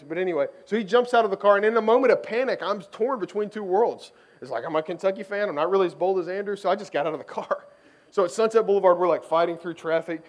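A young adult man preaching a sermon as a pastor, conversational and animated, acting out the voices of the people in his stories. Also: fairly high pitch. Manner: conversational, animated storytelling, acts out quoted voices. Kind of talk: sermon with storytelling.

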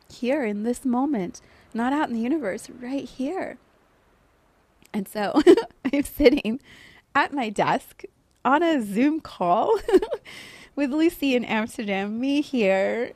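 A woman hosting a podcast, softly and emotionally telling a personal story about a guided meditation. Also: fairly high pitch. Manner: soft, emotional, often laughing through tears. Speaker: podcast host.

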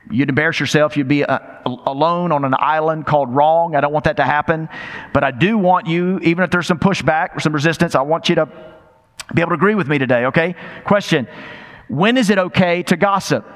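A man's voice: a little high, fairly quick, fairly bright tone. An older man preaching a sermon, emphatic and conversational, with rhetorical questions and repetition. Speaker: pastor. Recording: long reverb of a large hall.

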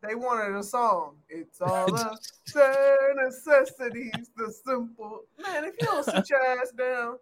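Podcast co-host, blunt and joking, quick interjections in casual chat. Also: mid-range voice, animated, crowd noise.

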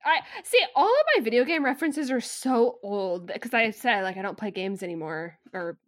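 A woman's voice: on the high side, animated, moderate pace, no echo. Chatty woman on a dry mic. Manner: chatty, hesitant, wry. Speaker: podcast co-host. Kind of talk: casual chat.

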